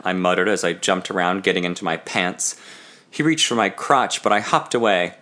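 A man reading a novel aloud in the first person, in a measured and deliberate way. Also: lowish voice, lively intonation, bright, forceful tone. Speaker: audiobook narrator.

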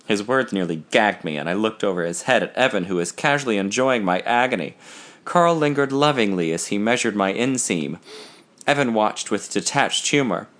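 A man narrating a novel in the first person in an unhurried, storytelling way. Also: fairly low pitch, expressive, a bit bright. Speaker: audiobook narrator. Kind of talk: first-person audiobook reading.

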